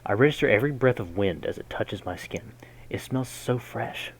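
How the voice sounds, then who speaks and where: A man reading a game's story text aloud in a measured way, breaking in with casual, slangy jokes as a gaming host. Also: mid-range voice, lively intonation, a little hiss or hum, poor audio. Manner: measured narration broken by casual slangy comments. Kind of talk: reading game text aloud with jokey asides.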